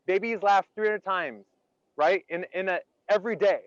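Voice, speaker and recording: A man leading an interactive online laughter workshop, animated and chatty, quizzing his audience and filling his speech with "like". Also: sits high, normal speed, dry recording, highs cut off. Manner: animated, chatty, asks audience questions, many "like" fillers.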